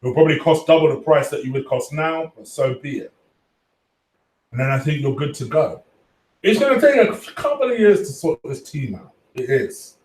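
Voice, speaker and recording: A man's voice: on the high side, lively intonation, moderate pace, distant mic, a little hiss or hum. Man, casual live stream host, swearing, chatty, echoey room, a bit off-mic. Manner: swearing, chatty, shouting out viewers. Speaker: fan channel host reading live chat.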